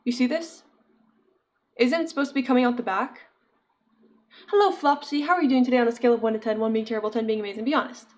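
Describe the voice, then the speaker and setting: A woman's voice: a little high, fairly even intonation, rapid-fire. A young woman chatting casually with her viewers while she crochets, giggling often and answering chat. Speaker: streamer.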